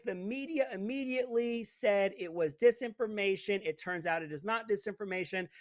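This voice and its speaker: A man with a notably high voice rants indignantly as a talk radio host, full of sarcasm. The sound is dry and close, with no room around it. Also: fairly bright tone, no echo. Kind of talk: opinionated talk radio monologue.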